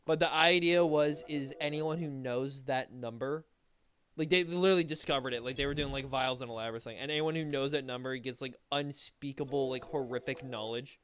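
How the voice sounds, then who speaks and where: A man's voice: medium pitch, a little fast, fairly bright tone, smooth. A young man streaming a game, chatting casually in a rambling, laid-back way with lots of swearing and filler words. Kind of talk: casual chat while gaming.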